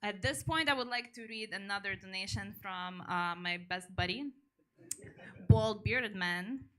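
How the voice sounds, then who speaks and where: A woman's voice: mid-range voice, measured pace, a bit bright. A woman doing stand-up and hosting a comedy show, playful and a little hesitant, with restarts. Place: comedy club stage.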